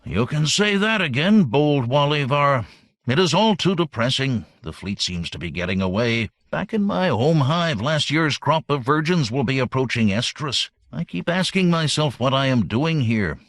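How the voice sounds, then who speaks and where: Tentacled alien warlord, slobbering and sorry for himself, gravelly, swings wide , read by a man. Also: mid-range voice, sing-song, normal speed, hardly any pauses, a bit bright, no room sound. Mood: gloomy. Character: gloomy slobbering tentacled male alien commander.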